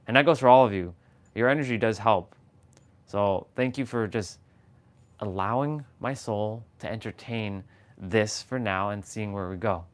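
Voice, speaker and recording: Candid man on a low-energy livestream. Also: moderate pace. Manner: candid, emotional, rambling with restarts. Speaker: livestream host. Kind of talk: casual motivational livestream. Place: at home, downstairs. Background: tuning fork tones.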